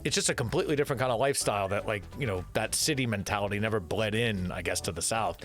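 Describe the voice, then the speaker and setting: A man's voice: on the low side, fast talker, faint music behind. A young man from New Jersey hosting a podcast, chatting casually and rambling with many restarts. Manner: animated, rambling, restarts sentences. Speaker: podcast host. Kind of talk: casual chat.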